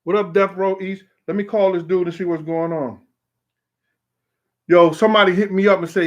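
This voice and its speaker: A man's voice: high voice, steady tone, moderate pace, long pauses, muffled recording. A man hosting a casual call-in talk show, rambling in a streetwise way and often asking "you know what I'm saying". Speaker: show host. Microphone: phone call on air.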